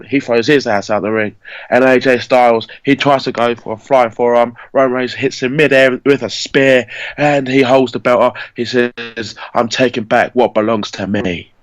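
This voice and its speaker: A man's voice: medium pitch, no room sound, rough recording. A man, hosting a podcast and chatting casually as he rambles through a story and corrects himself along the way. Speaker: podcast host. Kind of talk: casual fantasy-booking chat.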